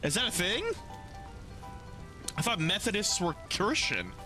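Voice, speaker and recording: A man's voice: sits high, unhurried. A young man streaming a game, chatting casually with his viewers, answering chat and often trailing off mid-sentence. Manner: animated, reads out and answers chat, trails off and restarts. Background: music.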